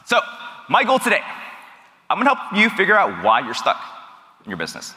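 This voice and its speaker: A man giving an energetic keynote on stage in a large conference hall, hyping the audience with call-and-response while losing his voice. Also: high-pitched, fairly quick. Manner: hypes the crowd with call-and-response. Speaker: business coach speaking on stage. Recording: reverberant hall, loud crowd noise. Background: cheering crowd.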